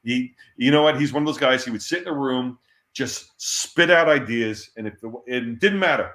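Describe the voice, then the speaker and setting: A man being interviewed, telling animated anecdotes and laughing often. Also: medium pitch, moderate pace. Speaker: interview guest. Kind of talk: storytelling in an interview. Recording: roomy echo.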